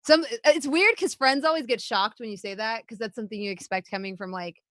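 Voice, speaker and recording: A woman's voice: a little high, fast talker, fairly bright tone, no room sound, clean studio sound. A woman co-hosting a podcast in casual chat, blunt and candid, swearing freely. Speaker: podcast co-host.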